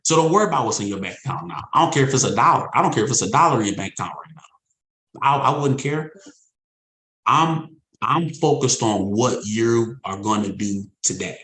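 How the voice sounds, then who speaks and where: A man's voice: medium pitch, fairly quick, a bit bright, reverberant, low-quality recording. A man leading an insurance sales team in a motivational talk, speaking in a conversational, emphatic way and repeating his points. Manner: repetitive, emphatic, conversational preaching.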